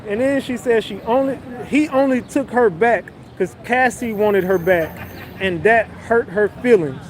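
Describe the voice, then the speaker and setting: High-voiced man ranting on a street. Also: a little slow. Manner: blunt, profane, mocking retelling. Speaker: commentary vlogger. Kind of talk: casual recap commentary.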